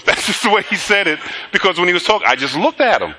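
A man's voice: high voice, big pitch swings, a little fast, bright, forceful tone. A middle-aged male pastor preaching a sermon, telling stories with laughter and acting out both sides of conversations. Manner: storytelling with laughs and acted-out dialogue.

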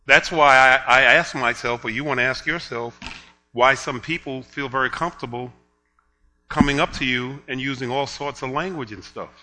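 Bright-voiced preacher man, faint music. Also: mid-range voice, steady tone. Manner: storytelling with laughs, building to loud emphatic reading; drawn-out, slow reading of scripture. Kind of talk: sermon.

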